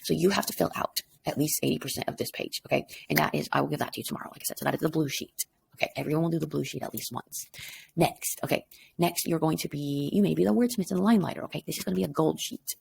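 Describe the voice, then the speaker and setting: A woman's voice: sits low, fast, gravelly, a little hiss or hum. A tired woman teacher explaining an assignment in a recorded lesson, rambling casually and checking in with "okay?". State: tired, up before dawn.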